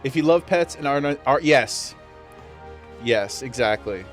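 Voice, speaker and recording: A man's voice: medium pitch, lively intonation, a little slow, faint music behind. A man streaming a game, chatting casually to chat in a playful, self-mocking way. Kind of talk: casual gameplay commentary.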